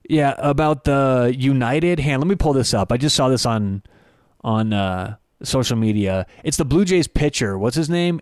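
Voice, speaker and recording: A man's voice: medium pitch, no room sound. A young man talks on his own, loose and blunt, hosting a sports betting show. His opinions come out in rambling bursts, full of restarts and asides. The sound is dry and close, with no room around his voice. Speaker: sports betting podcast host. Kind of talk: casual solo commentary.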